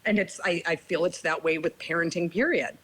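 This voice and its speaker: A woman's voice: on the low side, brisk, a bit bright, rough recording. Candid woman telling a personal story. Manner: emotional, confessional, peppers speech with "right?" and "you guys". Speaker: guest, recovery interventionist.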